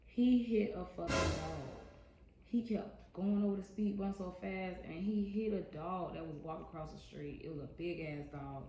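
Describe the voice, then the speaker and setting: A young woman tells a personal story in a chatty, casual vlog, speaking straight to her viewers. Her voice is low and mellow. The sound is dull and echoey, with faint hiss underneath. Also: normal speed, soft background music. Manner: chatty, addresses viewers directly, expressive.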